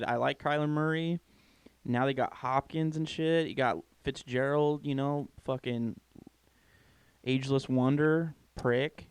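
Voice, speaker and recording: A man on a podcast venting his opinions in casual, profanity-laced chat. His voice sits at a middling pitch and is recorded close and dry, with no room sound. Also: steady tone, measured pace, smooth, dry recording. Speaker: podcast co-host.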